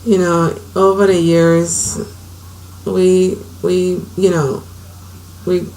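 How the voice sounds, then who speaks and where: A woman's voice: fairly low pitch, flat delivery, very slow, slight background noise, poor audio. A woman in her thirties telling her own life story to the camera in an earnest, conversational way. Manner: earnest, conversational, drifts softer at times.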